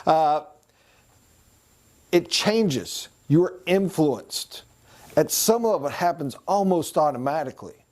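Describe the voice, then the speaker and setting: A man with a warm, mellow, fairly high and expressive voice leads a sales training class in a recorded lecture. He speaks conversationally, acting out quick voices and accents as examples, and occasionally slows down to write on a board.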